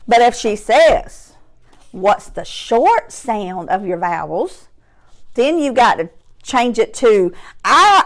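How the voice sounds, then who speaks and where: Slow, patient teacher woman, lilt. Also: a little high. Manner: slow, patient, sing-song prompting with exaggerated sounds. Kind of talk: phonics lesson for young children.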